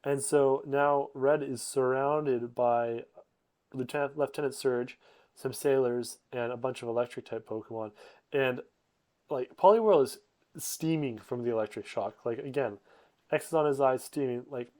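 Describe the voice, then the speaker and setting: Rambling young man, soft sleepy summary. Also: mid-range voice, fairly even intonation, normal speed. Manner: rambling, with fillers and self-corrections. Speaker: host.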